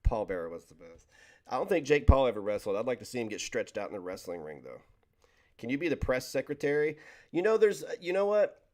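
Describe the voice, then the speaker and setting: A man's voice: fairly low pitch, big pitch swings, fast talker, a little mellow. Rambling, joking man chatting on stream. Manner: rambling, joking, stumbles over words. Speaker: livestream host reading chat. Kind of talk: casual livestream chat.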